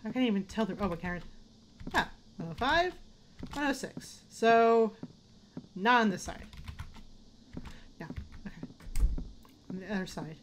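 A woman's voice: medium pitch, animated, measured pace, pauses often, a little hiss or hum. A woman casually commentating a horror game, jumpy, swearing and talking to herself. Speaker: let's play gamer.

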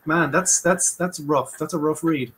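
A man's voice: on the high side, unhurried, fairly bright tone, slightly rough, low-quality recording. A man co-hosting a casual history podcast, making sarcastic, joking asides. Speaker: podcast co-host.

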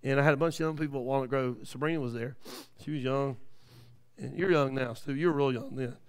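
A man in his fifties preaching a live church sermon, telling stories in a folksy way with many amens. He swings from quiet asides to shouted peaks. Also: mid-range voice, steady tone, fast talker, clean tone. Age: 50s. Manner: folksy, with frequent amens and praise the lord.

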